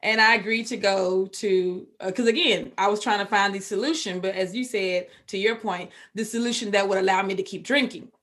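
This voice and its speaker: A Texan woman telling her recovery story as a podcast guest, candid and emotional, with sudden loud outbursts. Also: medium pitch, steady tone, brisk, hardly any pauses. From Texas.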